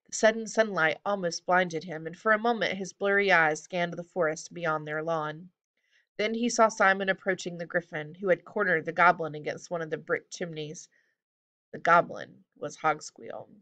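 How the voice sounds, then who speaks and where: A woman reading a children's fantasy story aloud at a steady pace. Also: lowish voice, normal speed. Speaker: audiobook reader. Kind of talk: storybook narration.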